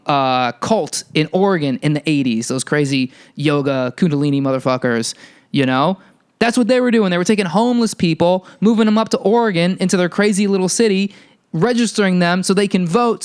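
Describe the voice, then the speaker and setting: A male podcast host delivering a heated, profane ranting monologue, telling a story with animated energy. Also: high-pitched, smooth.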